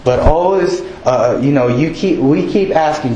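A man delivers a sermon in an unhurried, chatty way, slipping into raised voices as he acts out people from the story. His voice sits at an ordinary pitch. The church room around him is echoey, with a faint hum behind. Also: lively intonation, warm tone. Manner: conversational, acts out townsfolk in raised voice. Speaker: pastor.

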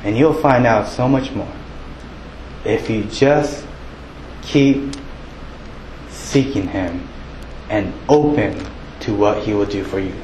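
A man delivers a sermon in an unhurried, chatty way, slipping into raised voices as he acts out people from the story. His voice sits at an ordinary pitch. The church room around him is echoey, with a faint hum behind. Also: a little mellow. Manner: conversational, acts out townsfolk in raised voice. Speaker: pastor.

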